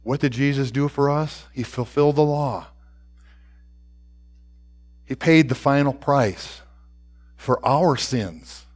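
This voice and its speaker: A man preaching a sermon, reading scripture aloud with slow, deliberate phrasing that trails off softly at the ends. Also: mid-range voice, soft background music.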